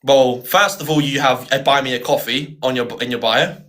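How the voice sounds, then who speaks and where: A man's voice: mid-range voice, steady tone, normal speed, fairly bright tone. A young British man hosting a live stream, taunting his guest and laughing often. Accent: British English. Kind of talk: mocking live-stream argument.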